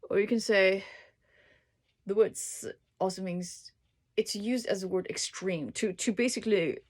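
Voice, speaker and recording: Woman reading a dictionary aloud, slow and lively. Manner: reads entries aloud with asides, lively pitch on Chinese words. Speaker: language learner reading a dictionary. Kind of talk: casual self-study reading aloud.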